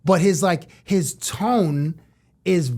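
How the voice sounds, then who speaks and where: A middle-aged man from Canada, a sports TV personality, telling lively stories as a guest in a casual interview and acting out what people said. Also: sits high, extremely slow. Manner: animated storyteller who acts out quotes.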